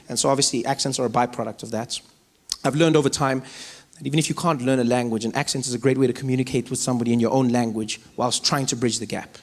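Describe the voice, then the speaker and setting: A South African man doing stand-up comedy, telling animated stories on stage. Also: medium pitch. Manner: animated, storytelling.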